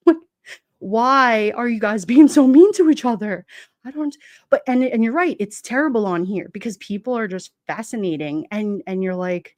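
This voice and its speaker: A woman's voice: fairly high pitch, expressive, moderate pace, a little mellow, dry recording, studio quality. A middle-aged woman with a New York accent chatting casually to her livestream, blunt and streetwise, often breaking into laughs. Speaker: livestream host. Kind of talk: casual live-chat talk.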